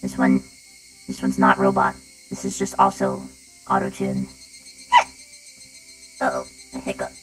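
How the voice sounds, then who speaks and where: Slow-talking playful woman streamer. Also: rumbling low, wildly swooping pitch, music in the background, rough recording. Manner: playful, testing voice filters. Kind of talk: casual stream chat.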